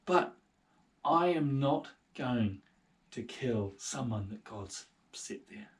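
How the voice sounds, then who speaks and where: A man voicing an earnest young hero, loud and insistent. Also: medium pitch, expressive, slow, far from the mic.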